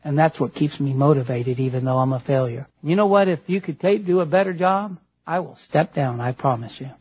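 A middle-aged male pastor giving a lively, self-deprecating sermon that calls on the congregation to answer back. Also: on the high side, a little fast, muffled recording, a little hiss or hum. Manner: animated, self-deprecating preaching with call-and-response.

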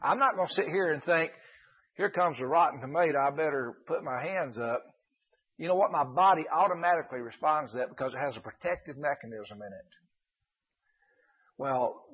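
A man preaching a sermon, reading scripture and asking rhetorical questions, with deliberate slowed emphasis. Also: on the high side, husky, muffled recording. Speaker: pastor. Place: church service.

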